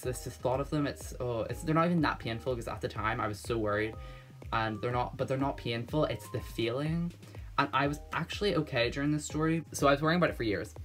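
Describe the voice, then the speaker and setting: A man's voice: mid-range voice, fairly bright tone. A man telling a story in a casual vlog, rambling and nervous, with lots of restarts and fillers. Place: at home.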